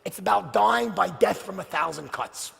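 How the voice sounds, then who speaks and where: A man with a high, creaky voice leads a live sales seminar at a normal speed, addressing the audience directly with rhetorical questions. He swings between loud bursts and hushed near-whispers, and a long reverb tail trails his words.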